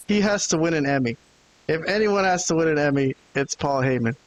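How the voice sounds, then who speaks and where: A man's voice: on the high side, a little fast, low-quality recording. A man co-hosting a podcast, recapping the week casually and acting out what people said. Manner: animated storyteller, acting out quotes. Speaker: podcast co-host. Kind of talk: casual wrestling recap chat.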